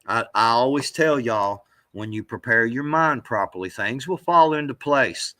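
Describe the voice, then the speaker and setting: A man's voice: medium pitch, unhurried, sharp tone. A man hosting a show, reacting to clips in rambling, profane casual commentary with many restarts. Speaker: show host.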